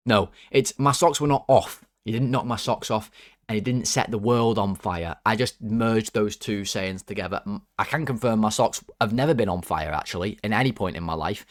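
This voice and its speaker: A man hosting a football fan channel, giving casual player ratings in an excitable, jokey and rambling way. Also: medium pitch, no room sound, studio quality.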